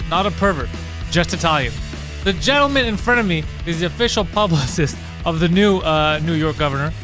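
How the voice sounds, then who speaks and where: A man co-hosting a comedy podcast, trading deadpan jokes and laughing often. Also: on the high side, fairly quick, music in the background. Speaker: podcast co-host. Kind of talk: casual comedy podcast banter.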